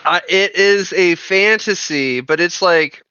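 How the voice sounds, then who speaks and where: An eager man on a podcast who rambles enthusiastically and keeps reaching for "you know". His voice is bright and smooth. The recording is dry and slightly dull. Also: high voice, takes it slowly, dry recording. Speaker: podcast co-host. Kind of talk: casual podcast chat.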